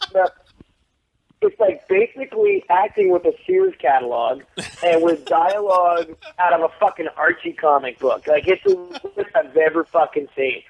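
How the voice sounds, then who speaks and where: Profane man on a tinny phone line. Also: a little high. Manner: profane, animated storytelling. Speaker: interview guest, actor. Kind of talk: casual phone interview.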